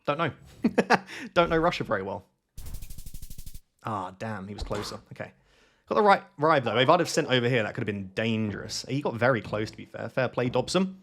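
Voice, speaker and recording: A man giving live gameplay commentary, thinking aloud in an excitable, self-questioning way. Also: mid-range voice, brisk, pauses often. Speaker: gaming YouTuber.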